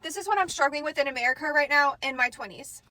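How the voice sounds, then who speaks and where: A woman's voice: sits high, fast talker, bright, forceful tone, low-quality recording. A woman in her twenties complaining to camera, indignant and full of questions. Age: 20s. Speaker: social media poster.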